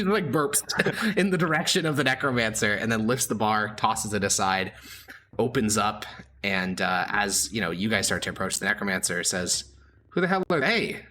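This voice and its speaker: A man's voice: low voice, animated, fairly quick, sharp tone, slight background noise. A young man narrating as game master in a casual, hesitant way with many fillers.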